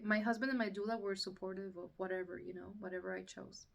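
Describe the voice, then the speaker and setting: A woman's voice: medium pitch, level tone, quick pace, creaky, hardly any pauses, recorded from a distance. A woman casually telling her own story, acting out what people said and laughing through the tense parts.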